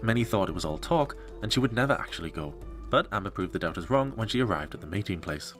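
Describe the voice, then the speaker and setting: A man's voice: low voice, animated, fast, a bit bright, soft background music. A man narrating a documentary in a scripted, dryly wry tone.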